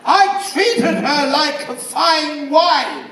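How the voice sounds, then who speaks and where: High-voiced English comedian in a roomy hall. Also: male voice, very slow. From England. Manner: punchy, loud delivery of one-liners. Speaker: stand-up comedian. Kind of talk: stand-up comedy routine. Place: casino show room before a live audience. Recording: roomy live hall, mic at a distance, crowd and noise. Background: audience laughter.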